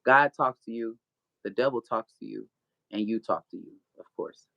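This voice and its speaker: A gravelly, very deep female voice belongs to a guest author candidly recounting her life in blunt, profane terms, with bursts of spiritual preaching and lots of laughter. She moves at a moderate pace; the recording is dry and lo-fi.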